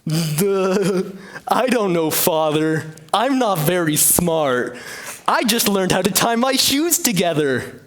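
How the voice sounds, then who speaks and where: A cheerful, dim-witted young lord's son, as a young man puts him on. He talks very slowly and dopily, like a child, with a lively, bouncing pitch. It is a comic stage character in a one-man play. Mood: dopey. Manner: slow, dopey and childlike.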